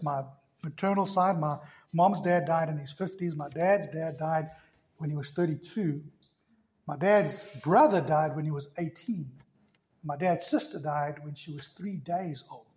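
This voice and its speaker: A male pastor preaching a sermon emphatically, swinging between loud passages and hushed ones. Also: a little high.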